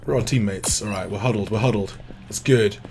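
On the low side and a little creaky yet mellow, this British man's voice moves fairly quickly as he casually commentates his gameplay on a livestream. He reads out messages from chat and makes fun of himself. A slight hiss or hum is audible.

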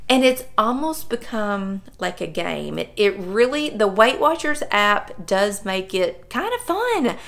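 A woman, chatting casually to camera in a lively, folksy way. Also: mid-range voice, measured pace, gravelly, hardly any pauses. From Southern United States. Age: 50s. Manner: chatty and animated, laughs often, folksy phrasing. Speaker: vlogger.

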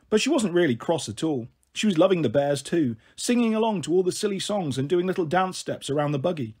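A male storyteller reads a novel aloud in gentle, steady narration. His voice is high-pitched and husky, with a breathy edge. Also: brisk, few pauses. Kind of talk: storybook reading.

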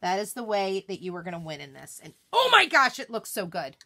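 A woman hosting a live craft demonstration, chatting casually and excitedly, often murmuring quietly to herself as she works. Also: lowish voice, fast. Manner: bubbly, chatty, self-deprecating, often drops to a murmur while working. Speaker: craft livestream host.

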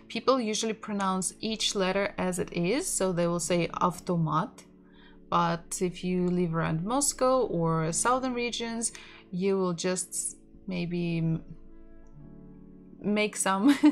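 Woman, Russian accent, native Russian speaker, casual online tutor, slow and patient, faint music behind. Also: medium pitch. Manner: unhurried, repeats words aloud, light laughs. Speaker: Russian language teacher. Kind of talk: casual online language lesson.

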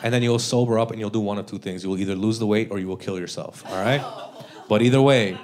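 A man's voice: on the low side, fast talker, a little mellow. A man doing a live stand-up comedy set, talking loosely and casually, with frequent tag questions like "all right?". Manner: loose, conversational, peppered with "all right?" and "you know?". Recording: live club with audience. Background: audience laughter.

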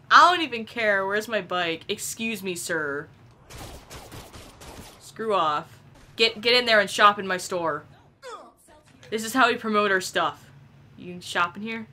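A young woman giving casual, excitable gameplay commentary, swearing and laughing often. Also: medium pitch, unhurried, long pauses, a little hiss or hum. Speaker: gameplay video creator.

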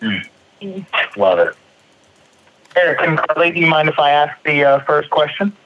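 A man hosting a podcast in a casual, jokey way, often halting and restarting. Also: a little high, very animated, dull audio. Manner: jokey, halting, stumbling over words. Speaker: podcast host.

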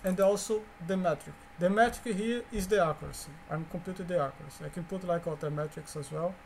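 A man whose first language is Portuguese, teaching a coding lecture in a halting way, with fillers, restarts and repeated words. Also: sits high, gravelly, darkish tone, a little hiss or hum. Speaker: course instructor.

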